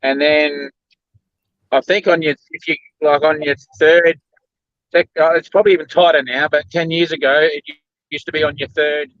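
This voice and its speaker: An Australian man chatting easily as a guest and explaining things calmly. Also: a little high, moderate pace, no room sound, lo-fi sound. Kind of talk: casual chat.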